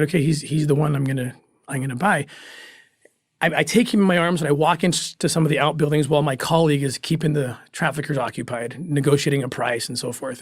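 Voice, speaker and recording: A middle-aged man speaks in an earnest, halting way, his voice sitting a little higher than most men's. He is recorded close up in a dry, dead room with no echo. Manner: earnest, halting, restarts when moved. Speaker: guest recounting undercover work. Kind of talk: emotional storytelling in conversation.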